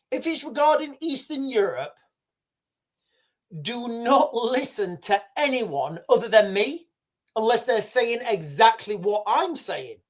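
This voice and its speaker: A middle-aged man giving casual livestream commentary, rambling, repeating himself and calling viewers guys. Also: high voice. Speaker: livestream host.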